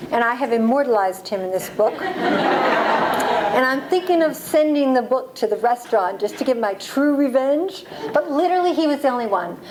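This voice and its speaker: A woman in her forties from the United States, an author answering audience questions with lively, laughing stories. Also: a little high, noisy background. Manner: lively storytelling, laughs often. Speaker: author at a library talk. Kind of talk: reading and audience Q&A. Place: library event room.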